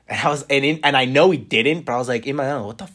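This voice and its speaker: A man co-hosting a podcast who works as a bartender, telling work stories in a lively, chatty way and acting out the dialogue. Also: medium pitch, fast talker. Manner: animated storytelling with quoted dialogue. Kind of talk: casual chat.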